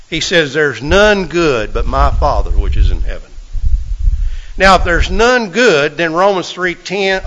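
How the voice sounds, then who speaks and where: A man preaching a sermon, folksy and full of rhetorical questions, swinging from loud to hushed. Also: fairly high pitch, highs cut off, slight background noise.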